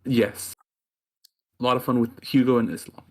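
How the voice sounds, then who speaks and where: A man appearing as a guest on a casual podcast, upbeat and laughing, speaking in quick bursts. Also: medium pitch, fairly even intonation.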